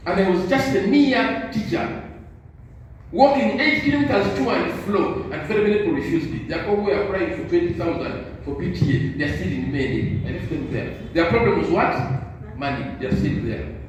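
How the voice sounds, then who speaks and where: An older man lectures teachers in a high, lively voice that leaps up and down. He is preachy and insistent and keeps pausing mid-sentence so the crowd can fill in the word. He sounds distant, with heavy echo and faint hiss. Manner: call-and-response, leaves sentences open for the audience to finish with "what?". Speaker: motivational speaker. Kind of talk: motivational talk to teachers. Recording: echoey hall from far off with faint noise.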